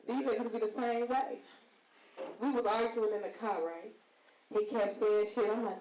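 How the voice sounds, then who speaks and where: A woman's voice: a little high, fairly even intonation, unhurried, long pauses, slight background noise. A woman doing open-mic stand-up comedy, brash and profane, teasing the crowd and laughing through her own jokes. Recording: echoey room with loud crowd.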